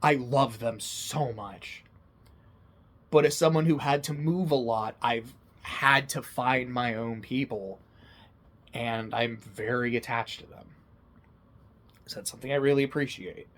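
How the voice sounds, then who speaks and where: A man's voice: mid-range voice, measured pace, pauses often, a bit bright. A young man talking casually about his favorite anime, emotional, laughing often and swearing now and then. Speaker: anime video host. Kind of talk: casual personal commentary.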